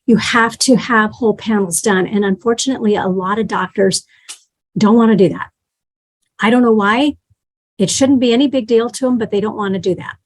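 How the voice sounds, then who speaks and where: Speaking a little fast in a mid-range voice, a middle-aged woman teaches a health class in a chatty way. She checks on her audience, recounts patient stories and performs their quotes.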